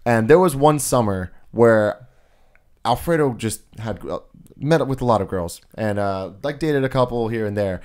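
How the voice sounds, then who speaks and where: A man's voice: medium pitch, expressive, normal speed, darkish tone. A man from the Bay Area, co-hosting a podcast and telling stories with lots of fillers. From San Francisco Bay Area. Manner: storytelling, filler-heavy. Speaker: podcast co-host. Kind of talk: casual chat.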